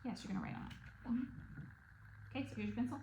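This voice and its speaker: A woman teaches a one-on-one reading lesson, her voice sitting a little high. She is patient and checks in with the student at every step. The room is echoey, with noise in the background. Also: a little fast, creaky. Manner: patient, checks in with "okay?" and "right?".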